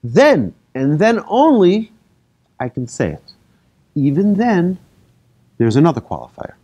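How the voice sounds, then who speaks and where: A rabbi giving a lively talk to an audience, telling made-up stories and asking the listeners questions. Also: male voice, a little high, a little slow. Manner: animated, asks the audience questions, tells hypothetical stories. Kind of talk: lively lecture to a live audience.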